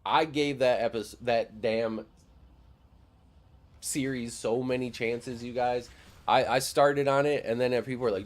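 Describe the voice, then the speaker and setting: A man's voice: mid-range voice, steady tone, measured pace. A young man from Wisconsin streaming a game and chatting casually with viewers, rambling with lots of fillers and swearing. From Wisconsin, near Madison. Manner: rambling, profane, full of "like" fillers. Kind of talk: casual live-stream chat while gaming.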